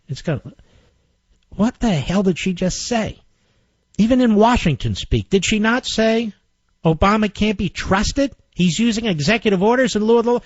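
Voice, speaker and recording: A male talk radio host rants with sarcastic indignation, his voice swinging high and low. The sound is dry and close, though the broadcast audio comes through muffled and lo-fi. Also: animated, normal speed, dry recording. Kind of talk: combative political radio commentary.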